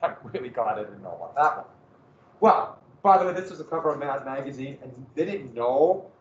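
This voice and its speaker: A man giving a history lecture in a lively, conversational way with joking asides. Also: medium pitch, brisk. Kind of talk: classroom lecture. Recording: echoey room, dull lo-fi sound.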